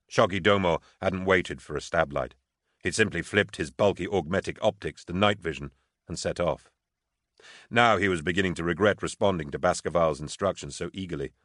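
A man reading a tense military novel aloud in a measured, low-key audiobook narration. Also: a bit bright, dry recording, clean studio sound.

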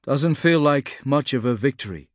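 A man's voice: mid-range voice, expressive, normal speed, dry recording, studio quality, pitched above the performer's own voice, natural voice. A man reading a storybook voices a bitter male swordsman, speaking up in a strained, raised tone. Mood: weary. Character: bitter young male swordsman, angry, betrayed.

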